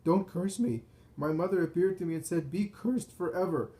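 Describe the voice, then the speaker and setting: A hysterical man, panicked and shrieking out his fear, as a reader puts him on. His voice is pushed high and loud, though the grain stays dark. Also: normal speed, lightly acted. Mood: terrified. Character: terrified fleeing man, hysterical.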